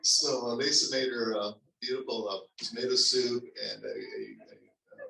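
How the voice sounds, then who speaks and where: A man who is a pastor, telling a personal story to his congregation in a conversational, halting way with restarts. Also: medium pitch, lively intonation, vocal fry, sharp tone. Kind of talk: storytelling sermon. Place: church sanctuary. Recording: echoey church hall, mic at a distance.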